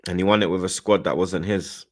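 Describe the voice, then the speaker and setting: A man with a low, heavy voice hosts a casual football live stream. He reads chat messages in quick runs and bursts out loudly when he shouts out viewers. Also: fairly even intonation.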